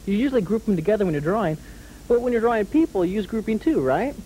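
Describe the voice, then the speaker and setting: A man's voice: high voice, animated, quick pace, mellow, a little hiss or hum, rough recording. A man hosting a children's drawing lesson, talking his young viewers through each step with patient, encouraging questions and frequent chuckles. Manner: chuckles often while drawing.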